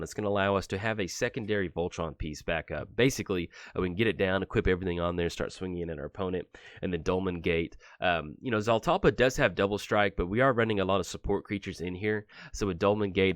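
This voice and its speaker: A man with a low, deep voice talks quickly through a card game deck in a casual way. He keeps up a brisk, chatty flow dotted with "uh"s. The sound is dry and close. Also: dry recording. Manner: brisk and chatty, with frequent filler "uh"s. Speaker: deck tech presenter.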